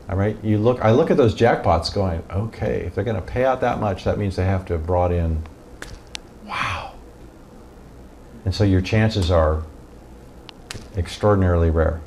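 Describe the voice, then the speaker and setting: Guy pastor doing a bible study, chatty and joking, asks the room stuff, bit of hiss behind. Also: medium pitch. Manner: animated, jokey, asks the group questions and acts out voices. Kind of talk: casual sermon teaching.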